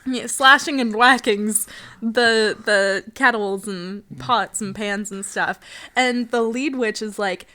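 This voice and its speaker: A woman's voice: on the high side, takes it slowly, sharp tone. A woman co-hosting a casual podcast, retelling a film's plot in a giggly, playful, joking way. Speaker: podcast co-host. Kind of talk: casual movie review chat.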